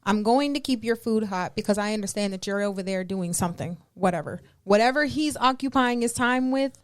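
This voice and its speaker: A woman co-hosting a podcast, chatting casually and deliberately, often repeating herself to drive a point home. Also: medium pitch. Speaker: podcast co-host. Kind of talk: casual chat.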